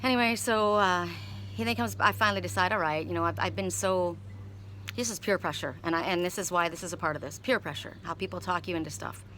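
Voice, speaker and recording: Speaking fast with a sharp tone and a fairly low pitch, a middle-aged tarot reader recounts something from her own life. The story is emotional, meandering, and full of repeated words, with slight noise behind her.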